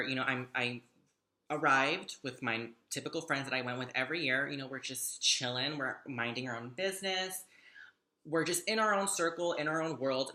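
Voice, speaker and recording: A young adult man vlogger tells a story to the camera in a casual storytime monologue that's chatty, gossipy, dramatic and heavy on swearing. His voice is mid-range with a sharp tone.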